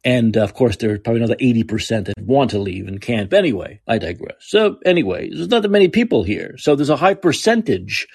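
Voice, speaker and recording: A man rants into the mic, sarcastic and profane, wandering off on tangents. His husky voice swings up and down with lively pitch. The sound is dry and close. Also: fast, few pauses, no room sound. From New York. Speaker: podcast host. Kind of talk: ranting monologue.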